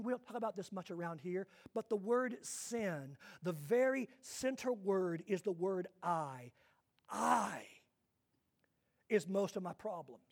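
A man preaching a sermon to his church, swinging between quiet asides and loud, emphatic declarations. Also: high-pitched, creaky. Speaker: pastor.

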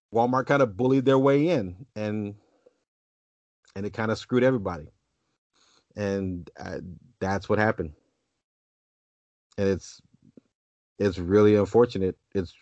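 A man's voice: lowish voice, no echo. Man, podcast co-host, rambling storyteller, muffled lo-fi audio, dry. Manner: rambling storyteller with many restarts. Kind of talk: casual podcast chat. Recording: dull lo-fi dry sound.

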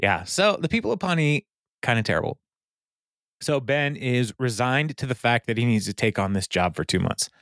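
A man's voice: medium pitch, lively intonation, fairly bright tone, no echo, clean studio sound. Male podcast host recapping with laughs. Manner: retells scenes with quick quoted voices and laughs. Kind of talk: casual recap chat.

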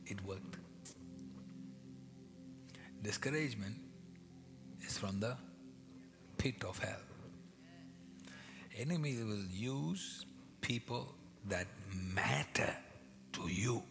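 Slow, dramatic male preacher in a hall. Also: on the low side, expressive, creaky. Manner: dramatic, swings between loud acted quotes and hushed whispers. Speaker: pastor. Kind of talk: sermon. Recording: long hall reverb with music behind.

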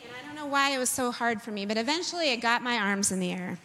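A woman telling a personal testimony in an animated, self-deprecating storytelling manner. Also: on the high side, fast. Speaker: speaker sharing a personal testimony. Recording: long hall reverb.

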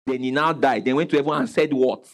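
A man's voice: mid-range voice, fast talker, low-quality recording. A man preaching a sermon as pastor, calling out questions for the congregation to answer and exclaiming praise.

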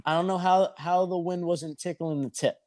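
A man's voice: sits high, fairly even intonation, normal speed, darkish tone. A man telling a rambling, profane anecdote in a casual chat. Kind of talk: casual storytelling.

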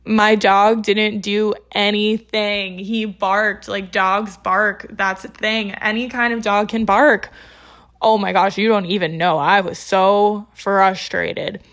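A young woman casually telling a story to her viewers, exasperated and animated, acting out the people she quotes. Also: mid-range voice, slow pace.

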